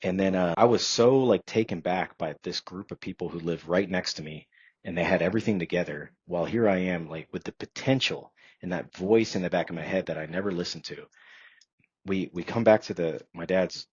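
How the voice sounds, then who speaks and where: A man's voice: low-pitched, fairly quick, a little mellow, breathy edge, no room sound. A man in his thirties, a podcast guest, telling a personal story in an earnest, reflective way with many fillers. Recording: dry, slightly dull podcast audio.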